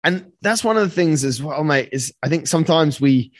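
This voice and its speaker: A man's voice: fairly high pitch, animated, moderate pace, no echo. A man telling a personal story as a podcast guest, earnest and casual, often saying "mate" and swearing freely.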